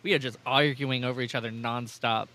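Dude hosting a podcast, bright voice, rambles and swears a lot. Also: male voice, mid-range voice, fairly even intonation, brisk. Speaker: podcast host. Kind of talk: casual podcast chat.

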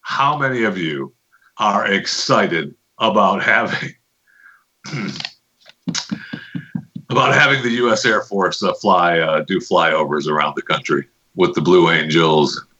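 A man's voice: deep voice, slow, pauses often, pushed and bright, highs cut off, a little hiss or hum. A man hosting a podcast in a casual, joking way, chatting loosely and fiddling with his mic on air. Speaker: podcast host.

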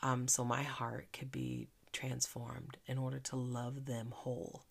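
A woman from Philadelphia hosting a devotional podcast, talking in a chatty, earnest way and dropping to a soft hush when she gives thanks in prayer. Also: very deep voice, flat delivery, unhurried, creaky, husky. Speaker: faith podcast host and minister. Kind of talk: casual devotional podcast talk.

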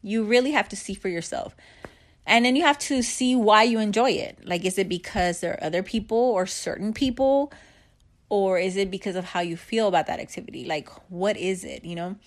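A woman's voice: medium pitch, fairly quick. A middle-aged woman giving life advice in a candid, chatty vlog, with frequent laughs and slangy asides. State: upbeat after a bike ride. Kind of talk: casual motivational chat.

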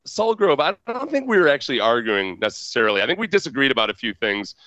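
A man's voice: medium pitch, big pitch swings, quick pace, pushed and bright, dry recording. A male guest chatting casually, chuckling, self-deprecating and rambling. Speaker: guest, radio host. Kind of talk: casual podcast chat.

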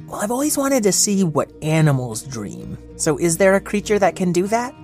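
Gentle, earnest man hosting for kids. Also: sits high, huge pitch swings, normal speed, hardly any pauses, soft background music. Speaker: host and storyteller of a kids' podcast. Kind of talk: scripted narration for children.

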